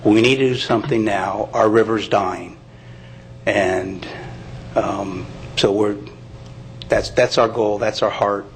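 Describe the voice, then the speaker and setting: A man's voice: fairly low pitch, fairly even intonation, slow pace, vocal fry, pauses often, a little hiss or hum, low-quality recording. A man speaking earnestly at a county commission meeting. He apologizes, restarts his sentences and lays out his plans. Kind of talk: public meeting testimony.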